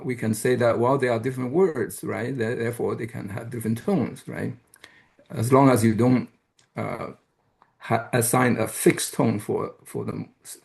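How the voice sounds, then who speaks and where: A man lecturing at a colloquium in a gravelly, creaky voice. He pauses often, filling gaps with "uh" and restarting his phrases as he works through his points. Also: mid-range voice, darkish tone. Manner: hesitant, many fillers and restarts. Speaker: guest lecturer. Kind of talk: academic lecture.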